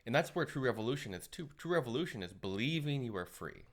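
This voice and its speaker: A man's voice: medium pitch, lively intonation, fast. A man co-hosting a casual chat, speaking reflectively in short statements. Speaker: podcast co-host.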